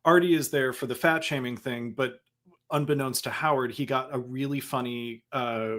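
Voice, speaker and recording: Podcast co-host, male, mid-pitched, wry commentary, casual chat. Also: fairly even intonation, a bit bright. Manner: agreeable, quick to laugh, wry commentary.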